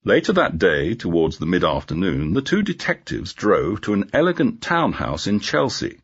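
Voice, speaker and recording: A man narrating a graded-reader story in a clear, measured way. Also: low-pitched, very animated. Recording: dull lo-fi audio.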